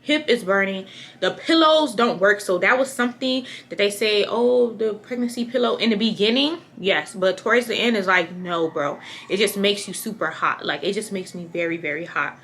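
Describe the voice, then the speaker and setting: A woman's voice: medium pitch, moderate pace, a bit bright. A pregnant young woman talking candidly to camera in a casual vlog, chatty and rambling, often repeating herself. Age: young adult. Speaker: vlogger.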